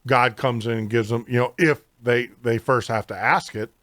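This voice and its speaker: Guy hosting a chat show, rambles n thinks out loud, dry sound. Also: medium pitch, fairly even intonation, normal speed, no echo. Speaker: podcast host. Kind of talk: casual interview chat.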